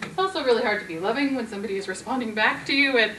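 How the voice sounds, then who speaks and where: A woman therapist leading a conference workshop, talking gently and coaching her audience, now and then acting out sweet, loving lines. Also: fairly high pitch, rapid-fire. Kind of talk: conference talk with role-play. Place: conference room. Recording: echoey conference room from far off, noisy.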